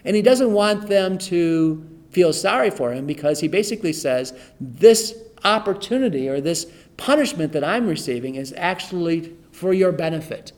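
At a moderate pace, a middle-aged pastor with a high, slightly mellow voice and lively intonation leads a laid-back Bible study. He reads the text aloud, talks it over, and tends to say phrases twice.

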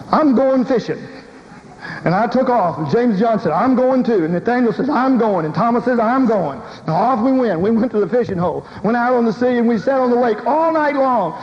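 A man's voice: extremely high pitch, animated, fairly quick. A man preaching a first-person dramatic sermon, telling the story with vivid emotion. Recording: dull recording in a reverberant hall with faint hiss.

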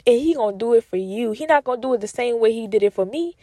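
A woman giving an emotional Christian faith talk, repeating affirmations slowly and tenderly, sometimes dropping to a whisper, near tears. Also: a little high, expressive, mellow, no echo. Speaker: Christian encourager speaking to viewers.

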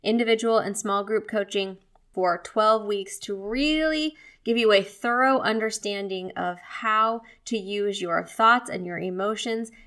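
A woman's voice: mid-range voice, a bit bright. Woman, 30s, solo podcast host and wellness coach. Candid, chatty delivery with frequent laughs. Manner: chatty and candid, laughs often, acts out inner voices.

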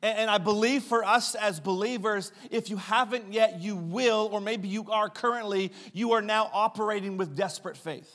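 A pastor telling funny family stories in a sermon, recorded in a church sanctuary. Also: male voice, high-pitched, moderate pace, few pauses, fairly bright tone. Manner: humorous anecdotal storytelling.

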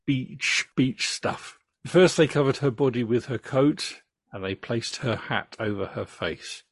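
An English man hosting a podcast, reading case notes in a true crime story with relaxed asides. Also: mid-range voice, measured pace, breathy edge, no room sound.

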